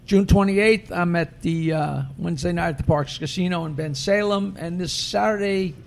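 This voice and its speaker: A man's voice: high voice, normal speed, vocal fry, a little hiss or hum. A man comedian telling raunchy jokes on a podcast and laughing at his own punchlines. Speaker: comedian guest.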